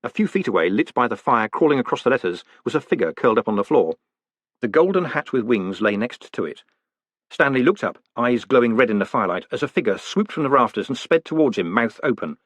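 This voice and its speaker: A man reading a fantasy novel aloud as an audiobook, with expressive, wry storytelling. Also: mid-range voice, a little fast, no room sound. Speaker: audiobook narrator. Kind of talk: audiobook narration.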